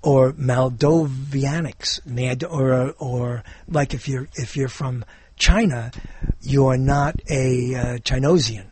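A man's voice: mid-range voice, steady tone, takes it slowly, a little mellow, breathy edge. A man hosting a show in casual comedic chat, rambling and jokey, now and then slipping into silly voices. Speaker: show host.

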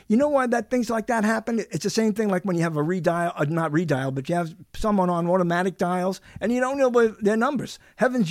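High-pitched rambling male talk show host. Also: dry recording, clean studio sound. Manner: rambling and joking, lots of fillers and restarts. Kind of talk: casual talk show chat.

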